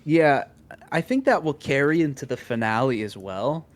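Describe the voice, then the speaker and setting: A man's voice: medium pitch, expressive, normal speed. Man musing casually on a podcast. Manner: thoughtful, many fillers and restarts. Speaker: podcast co-host. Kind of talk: casual chat.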